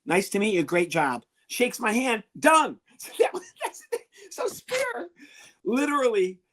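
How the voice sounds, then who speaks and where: Husky-voiced man telling a lively story. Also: high-pitched, unhurried. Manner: lively, animated, acts out the people he quotes. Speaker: comedian guest. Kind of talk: animated storytelling in an interview.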